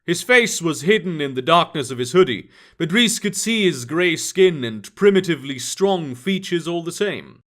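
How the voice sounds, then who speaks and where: A man narrating an urban fantasy story in an expressive scripted reading. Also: fairly high pitch, normal speed, few pauses.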